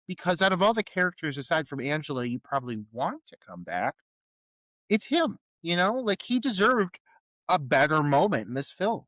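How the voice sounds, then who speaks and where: A man on a podcast tears into a film in casual review chat, his high voice swinging widely as he fires off exasperated rhetorical questions. He swears freely. The recording is close and dry. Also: a bit bright, no room sound, poor audio. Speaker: podcast co-host.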